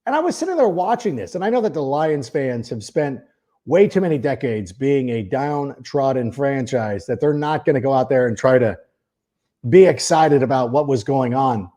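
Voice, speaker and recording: A man of medium pitch with an expressive, mellow voice and normal speed hosts a sports podcast. He rambles casually, often stuttering over the first words of a sentence, and reads a sponsor spot in the middle.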